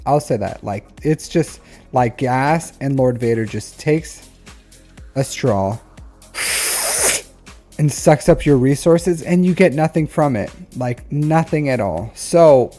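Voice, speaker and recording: Casting note: mellow-voiced man, rambly live-stream reviewer, faint music underneath. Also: mid-range voice, expressive, takes it slowly. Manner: rambling, repeats phrases, frequent "like" and "um". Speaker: streamer giving account reviews. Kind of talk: casual live-stream commentary.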